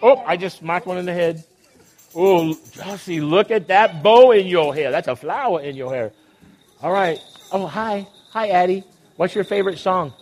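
A man's voice: high-pitched, moderate pace, a little mellow. A man leading a children's Christmas program on a church stage, upbeat and coaxing, teasing the kids as he goes. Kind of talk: lively emcee talk to children on a stage.

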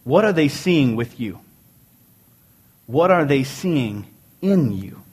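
A man preaching a sermon in an animated, joking storytelling way. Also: medium pitch, takes it slowly, breathy edge. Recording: long hall reverb.

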